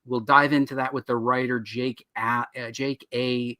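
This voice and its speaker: A man's voice: medium pitch, flat delivery, normal speed, sharp tone, no echo. A man hosting a live online talk show about comics, joking and teasing himself and his co-host. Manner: jokey, self-deprecating, upbeat.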